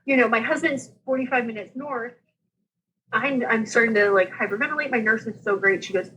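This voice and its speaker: A woman, speaking as a podcast guest. She tells her story in a lively, laughing manner and acts out the dialogue as she goes. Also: a little high, a little fast, slightly rough, low-quality recording. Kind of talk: casual storytelling.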